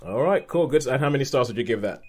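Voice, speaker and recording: Male podcast host at mid pitch. Playful, jokey film chat. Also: animated, fast. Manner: playful and jokey, often laughing. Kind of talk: casual film review chat.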